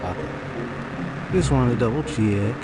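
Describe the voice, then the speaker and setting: A man streaming a game live, making relaxed, joking asides as he plays. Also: medium pitch, unhurried, loud music behind the voice, poor audio. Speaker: gaming streamer. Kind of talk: casual live gameplay commentary.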